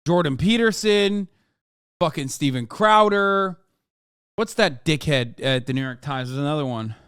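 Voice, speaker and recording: A man's voice: fairly high pitch, expressive, a little slow, a bit bright, smooth, no room sound, studio quality. A man livestreaming, giving heated, profane, sarcastic commentary while reacting to a news piece.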